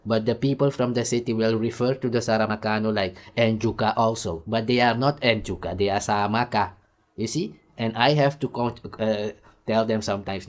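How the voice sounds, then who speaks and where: A man's voice: fairly low pitch, steady tone, moderate pace. Surinamese man reacting with rambling commentary. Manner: rambling, acts out dialogue in raised voices. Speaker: reaction video host. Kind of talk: casual commentary.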